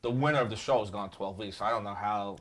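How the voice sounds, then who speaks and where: A man's voice: fairly low pitch, quick pace, crowd noise. Chatty man telling stories as a guest. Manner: animated, chatty storyteller, repeats words. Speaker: guest chef. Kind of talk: casual chat, telling stories.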